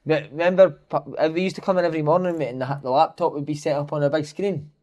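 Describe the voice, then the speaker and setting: A Scottish man hosting a casual interview chat, prompting his guest with quick questions and friendly banter. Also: on the high side, fairly even intonation, dark tone, lo-fi sound. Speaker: host.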